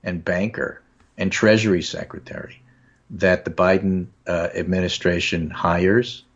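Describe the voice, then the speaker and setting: A man's voice: deep voice, fairly even intonation, unhurried, muffled recording. A man with a New York accent in casual political talk, wry and rambling, sometimes reading quotes aloud.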